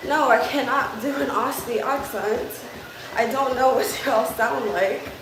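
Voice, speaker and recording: Woman, slow easy talk, high voice, off-mic in a very echoey room with background noise. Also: far from the mic. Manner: chatty, laughs easily, talks to viewers. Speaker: livestream host. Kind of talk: casual livestream chat.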